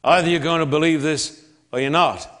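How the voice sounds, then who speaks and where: A man with an Australian accent preaching a sermon, emphatic and repetitive, with long pauses between phrases. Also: on the high side, a bit bright.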